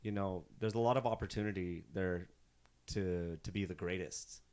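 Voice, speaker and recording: A man from Northern Ontario sits in as a podcast guest, speaking in a slightly low voice. He rambles through anecdotes casually, restarting sentences and tossing in swear words. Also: moderate pace, a little mellow, clear, resonant tone. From Northern Ontario, Canada. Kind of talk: casual storytelling chat.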